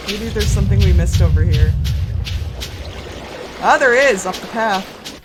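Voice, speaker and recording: A woman's voice: mid-range voice, expressive, unhurried, over music. A woman streaming a game from her home basement, thinking aloud and chatting casually with her viewers. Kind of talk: casual live-stream commentary. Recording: home stream mic with loud background noise.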